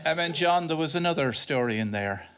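An Irish man hosts a comedy panel show, his voice sitting a touch high. He delivers dry, wry quips. Noise can be heard behind him. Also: lively intonation, brisk, a bit bright. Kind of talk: scripted quips between banter.

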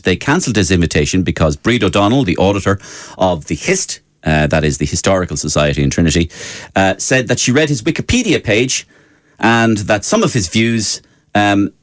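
A man's voice: deep voice, no room sound. A middle-aged man, hosting a radio show and delivering an emphatic opinion piece with many fillers. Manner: emphatic, rising to indignant outbursts with many fillers. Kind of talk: opinion monologue.

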